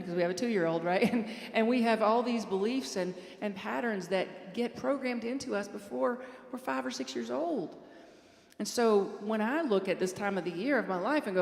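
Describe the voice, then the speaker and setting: A woman's voice: medium pitch, normal speed, creaky. A woman minister giving a chatty Sunday talk to her congregation, storytelling with light laughs. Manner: warm conversational storytelling with laughs. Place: large hall with congregation. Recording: echoey hall reverb.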